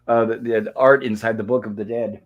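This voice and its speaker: A man hosts a relaxed movie review livestream. He recaps the film scene by scene, reading the characters' lines aloud as he goes. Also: lowish voice, a little fast, lo-fi sound. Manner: narrates scenes step by step, reading out dialogue.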